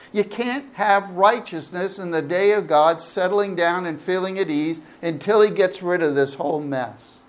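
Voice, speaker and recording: A middle-aged man teaching a Bible study as pastor, pausing to ask the listeners questions. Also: on the high side. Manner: asks the audience questions, animated.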